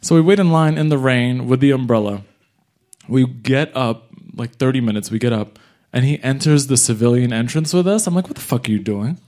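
A man doing stand-up storytelling, animated and slangy, jumping in and out of character voices. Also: medium pitch, normal speed. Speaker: stand-up comedian.

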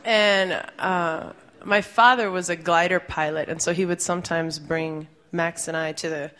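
A woman's voice: sits low, fairly bright tone. A woman telling a personal story on stage, conversational and amused, laughing as she goes. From Puerto Rican family.

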